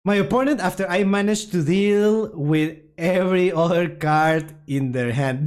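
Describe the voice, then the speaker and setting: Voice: mid-range voice, a little slow, darkish tone. A streamer casually reacting to memes and talking to chat, laughing often and poking fun at themselves. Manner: laughs often, chatty, self-mocking.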